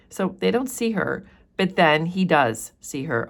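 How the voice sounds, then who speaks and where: A woman with a notably low, deep voice walks through a novel passage by passage. She paraphrases in casual, everyday terms and often says "like" and "so". It sounds like an informal literature lesson. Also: very animated, a little slow, creaky. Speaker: literature teacher. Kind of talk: annotated read-aloud of a novel.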